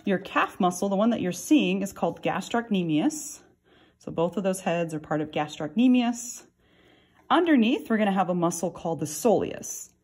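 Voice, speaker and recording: A woman's voice: mid-range voice, animated, moderate pace, darkish tone, husky. A middle-aged woman anatomy instructor giving a recorded lab lesson, explaining patiently while turning a model.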